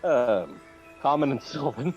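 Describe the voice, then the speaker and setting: A man playing a tabletop game, talking in a relaxed, easygoing way. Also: mid-range voice, unhurried, soft background music. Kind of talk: casual chat at a game table. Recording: dull lo-fi microphone.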